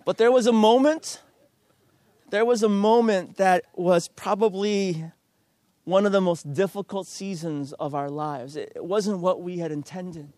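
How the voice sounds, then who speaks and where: A middle-aged man with a notably high voice delivers a storytelling sermon at a slow, deliberate pace. He pokes fun at himself, then turns earnest as he urges the listener to press on. The sound is close and dry, with no room around it. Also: darkish tone, no echo. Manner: self-deprecating, earnest exhortation.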